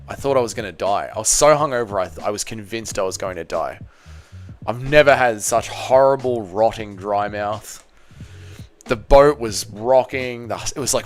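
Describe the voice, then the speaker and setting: An Australian man from Tasmania hosting a casual fight-night livestream, bantering with chat and swearing freely. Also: lowish voice. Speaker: livestream host.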